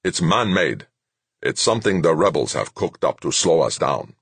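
A man's voice: very deep voice, big pitch swings, moderate pace, fairly bright tone, husky, dry recording, exaggerated voice. Man doing a barking, impatient commander. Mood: commanding. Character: harsh male military commander, impatient.

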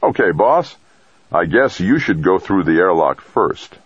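A brash, boastful male astronaut who crows with excitement and grows impatient, as a man reads him. The voice sits a little higher than the narrator's very deep tone, still husky, in a dry, slightly dull recording. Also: unhurried, no room sound, heavily acted. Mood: mocking. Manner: crowing, impatient.

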